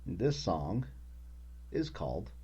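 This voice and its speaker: A man's voice: deep voice, very animated, slow pace, mellow, slightly rough, muffled recording. A man hosting his own podcast, ranting casually with profanity, sarcasm and lots of filler words. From Utah. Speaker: podcast host.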